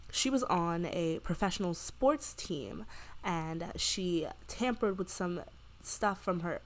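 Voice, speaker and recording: This gameplay narrator has a voice on the low side and treats her let's-play as chatty storytelling. Characters get quoted in rapid voices as she recounts scenes, with occasional shrieks of excitement.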